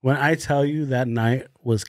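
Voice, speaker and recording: A young man co-hosting a podcast tells a wild story in casual chat, swearing freely and laughing along the way as an animated storyteller. His mid-range voice is a little slow, recorded with studio quality and no echo.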